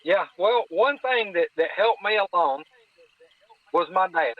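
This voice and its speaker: Southern man, podcast guest, folksy and sincere, higher-pitched, thin phone-line sound. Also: expressive, measured pace, no room sound. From North Alabama. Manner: folksy, earnest, repeats words while searching. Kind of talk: casual chat.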